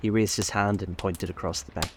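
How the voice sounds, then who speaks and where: Audiobook narrator: a man with a very deep voice, measured and deliberate. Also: steady tone, slight background noise. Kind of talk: scripted narration of a classic novel.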